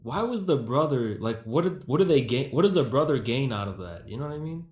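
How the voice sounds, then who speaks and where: A man's voice: mid-range voice, expressive, a little fast. A man in casual chat reacting with short, incredulous questions. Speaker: co-streamer.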